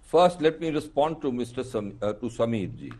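A man with an Indian accent arguing forcefully as a panelist in a televised news debate, firing off rhetorical questions. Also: mid-range voice, very animated, moderate pace, breathy edge.

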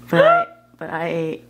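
A woman's voice: on the low side, slightly rough. A woman with a slight lisp from a retainer, chatting and giggling casually in a vlog at a friend's home at night. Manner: giggly, laughs between lines. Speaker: vlogger. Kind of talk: casual travel vlog chat.

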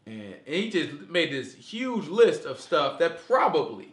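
Animated man preaching in an echoey room. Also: a little high, a little slow. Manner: animated, asks the group questions, repeats "you know what I'm saying". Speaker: teacher leading a Sabbath study. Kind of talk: casual preaching to a small group.

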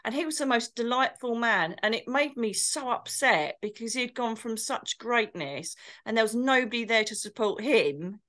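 A woman's voice: on the high side, expressive, moderate pace, few pauses, a bit bright. A woman co-hosting a casual chat, telling rambling, gushing anecdotes. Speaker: co-host and spiritual medium.

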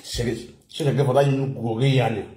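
A man's voice: medium pitch, fast talker, reverberant. A man with a Nigerian accent chatting loosely and laughing often on a live stream. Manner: laughing, rambling, animated. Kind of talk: casual live-stream chat.

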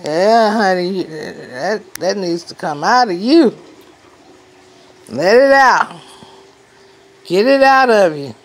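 Woman, playful cooing at a baby, slow and sing-song, noisy home recording. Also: medium pitch, lively intonation. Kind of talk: casual home video.

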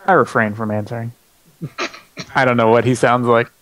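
A man's voice: medium pitch, fairly even intonation, moderate pace, fairly bright tone. A man playing a thief in a tabletop game, speaking hesitantly with lots of fillers. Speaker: player. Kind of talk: tabletop role-play.

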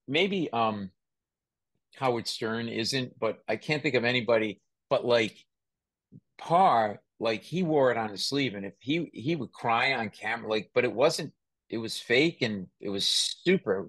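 A man hosting a casual podcast chat, his voice pitched in the middle range. He tells stories with animated energy, laughing often. The sound is dry and close. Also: dry recording. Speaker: podcast host.

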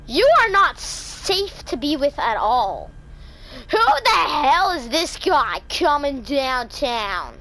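High, lively woman gaming streamer. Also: takes it slowly, low-quality recording. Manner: excitable, jumpy, screams when startled; talks to herself and the game. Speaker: gaming channel host. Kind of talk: let's play commentary.

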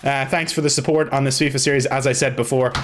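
A young man giving loose live commentary on his own football video game, swearing and shouting at his players. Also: mid-range voice, fairly even intonation, quick pace. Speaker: gaming video creator.

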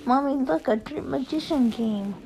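Woman doing a small excitable boy. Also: sits high, normal speed, voice pushed up, poor audio. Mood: eager. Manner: pleading, excitable, childlike. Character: small scared eager little boy. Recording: music playing behind.

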